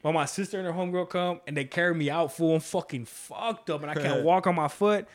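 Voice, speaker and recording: A man's voice: fairly high pitch, fairly quick. A young man co-hosting a podcast, telling a story in a casual, slangy, profane way. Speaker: podcast co-host.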